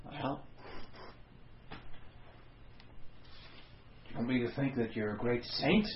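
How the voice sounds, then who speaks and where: A man's voice: medium pitch, lively intonation, slow pace, roomy sound, lo-fi sound, slight background noise. A man preaching an expository sermon, conversational with wry asides.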